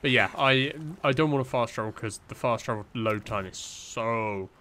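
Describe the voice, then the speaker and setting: A man's voice: mid-range voice, moderate pace, sharp tone, slight background noise. A young man giving casual let's-play commentary, rambling and joking at himself with plenty of fillers. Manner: rambling, self-deprecating, lots of fillers. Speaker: gameplay commentator.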